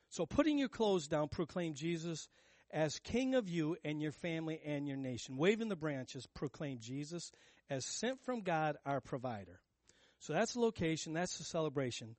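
A male pastor preaching in an emphatic, conversational way, often asking his listeners questions. His voice sits a little high for a man. The sound is dry and close, with little room echo. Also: very animated, normal speed, darkish tone. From United States. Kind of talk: sermon.

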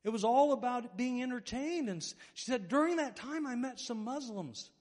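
Preacher guy with a high voice, animated storytelling, long echo like a big sanctuary. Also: normal speed. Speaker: pastor. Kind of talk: sermon.

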